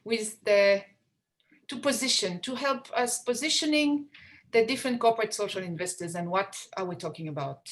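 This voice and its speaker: A woman moderating a panel session over a video call, talking with hesitant pauses and restarts. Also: mid-range voice. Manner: hesitant, many fillers and restarts.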